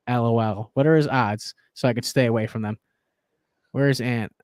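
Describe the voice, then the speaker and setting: A man's voice: medium pitch, normal speed, smooth, no room sound, clean studio sound. A young man co-hosting a sports betting show, rambling and swearing through casual chat. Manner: rambling, heavy swearing, animated. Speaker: sports betting podcast co-host.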